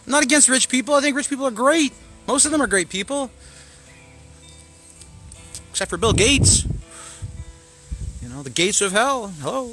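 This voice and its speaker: High-pitched angry man ranting. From Canada. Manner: profane, swings between shouting and muttering. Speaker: show host. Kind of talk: angry political rant to camera.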